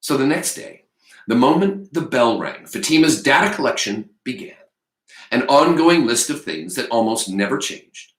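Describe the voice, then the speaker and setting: Expressive male teacher reading aloud. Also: mid-range voice, moderate pace, reverberant. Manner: expressive reading with musing asides. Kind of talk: reading a novel aloud to a class.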